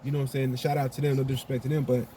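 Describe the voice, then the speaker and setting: A man's voice: medium pitch, little pitch movement, very fast, warm tone, a little hiss or hum, rough recording. A man from Chicago talking casually to his viewers, laid back and slangy, often asking "you know what I'm saying". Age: older adult. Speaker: vlogger. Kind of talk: casual monologue to camera.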